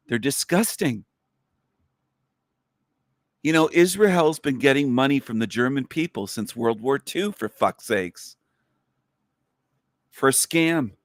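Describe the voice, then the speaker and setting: Angry ranting man, dry close sound. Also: no echo. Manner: angry, profane, repetitive, pitch climbing when worked up. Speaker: livestream host. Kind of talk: ranting livestream monologue.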